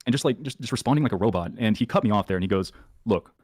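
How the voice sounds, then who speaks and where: A man's voice: on the low side, lively intonation, very fast, darkish tone, no room sound, studio quality. A man telling a story in a played clip, rambling with fillers and quoting himself.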